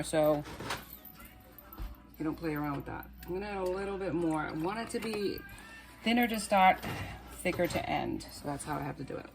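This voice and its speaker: A woman's voice: on the low side, a little mellow. A woman hosting her own cooking channel, chatting playfully to viewers as she cooks. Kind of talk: casual cooking demo to camera.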